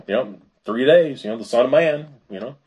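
A man's voice: mid-range voice, animated, fairly quick, a little mellow. A man preaching a sermon in a conversational way, with fillers and asides. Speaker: pastor.

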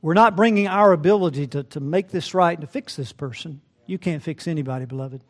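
A male pastor with a high-pitched voice delivers a sermon. He swings between loud, emphatic climaxes and soft, low asides, often asking his listeners "right?". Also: brisk. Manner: addresses listeners as beloved, asks rhetorical "right?".

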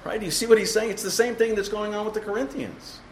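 A man with a high-sitting, steady voice preaches an expository sermon at a fast clip, explaining the text emphatically and putting rhetorical questions to the congregation. The recording carries slight hiss or hum and was made in an echoey room with faint ambience.

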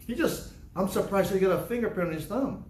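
A man's voice: high voice, expressive, a little fast, a little mellow, reverberant, slight background noise. An older man preaching a sermon as pastor, emphatic and repetitive, acting out excuses people give. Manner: emphatic, repetitive, acts out church members' excuses. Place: church.

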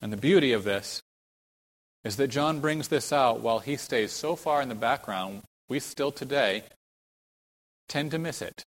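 This man's animated, medium-pitched voice trails a long reverb tail on a poor-quality recording. He's giving an expository sermon, slow and deliberate, hitting key words hard and asking rhetorical questions.

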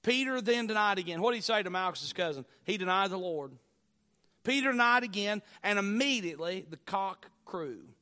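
A man preaching a sermon, repeating key phrases and moving between loud declarations and hushed, low lines. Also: animated, normal speed. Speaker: pastor.

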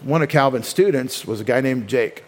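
Male pastor, mid-pitched, conversational teaching sermon with restarts. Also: moderate pace, a little hiss or hum. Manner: explanatory, with frequent restarts and quoted voices.

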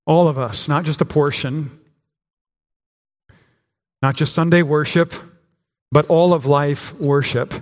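Pastor preaching in a reverberant hall. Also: male voice, a little high, steady tone, slow, long pauses. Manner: conversational preaching with frequent restarts and acted-out quotes. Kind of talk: sermon.

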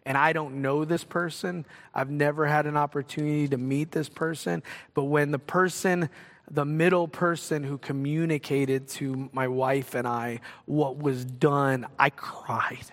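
Bright-voiced man preaching in a reverberant hall. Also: fairly high pitch, level tone, a little slow. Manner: earnest, swings from loud exclamations to quiet reflection. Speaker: pastor. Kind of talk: sermon.

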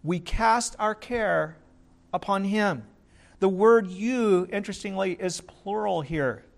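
A man's voice: high voice, slow pace, creaky. A man preaching a sermon in an earnest way, often restarting and repeating words.

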